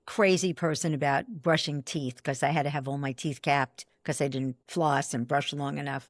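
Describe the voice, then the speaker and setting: An older woman appears as a podcast guest and belief expert, her deep voice recorded dry with studio quality. In animated conversation she tells stories emphatically, acting out the dialogue and tossing in quick asides.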